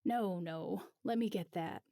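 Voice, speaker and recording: A woman's voice: fairly low pitch, slow pace, vocal fry, mellow, dry recording, studio quality. A woman voicing a cheerful, jokey middle-aged man with a folksy, hearty way of talking. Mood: jovial.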